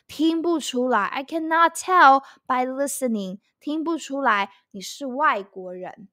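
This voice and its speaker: A woman with a high, bright voice gives a language lesson. She speaks slowly and deliberately, repeating each example so learners can follow. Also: animated. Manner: slow, repeating phrases for learners; mixes English explanation with Mandarin examples. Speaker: Mandarin teacher.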